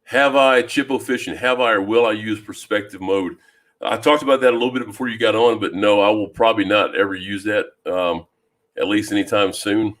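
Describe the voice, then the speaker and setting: A man from Louisiana hosting a fishing live stream, chatting casually and greeting viewers by name with a deep voice and plenty of ums. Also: fairly even intonation, brisk, fairly bright tone. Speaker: fishing channel host. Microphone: new microphone.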